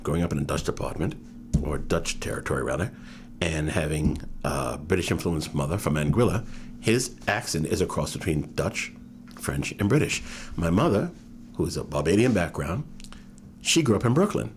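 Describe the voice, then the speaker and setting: A man with a non-regional American accent, a guest author telling animated stories in a casual interview. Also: very deep voice, normal speed, slight background noise. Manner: animated storyteller, drops into impressions.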